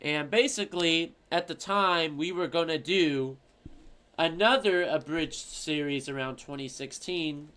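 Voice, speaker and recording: A man's voice: fairly high pitch, unhurried, sharp tone, smooth. A young man chatting casually on a stream, telling rambling stories with plenty of swearing. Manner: rambling, profane storytelling.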